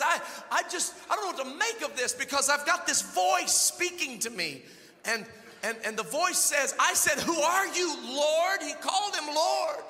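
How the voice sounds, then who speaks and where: A man preaching an impassioned sermon as pastor of a church, building from quiet reflection up to shouted exhortation. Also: very high-pitched, reverberant, long reverb tail.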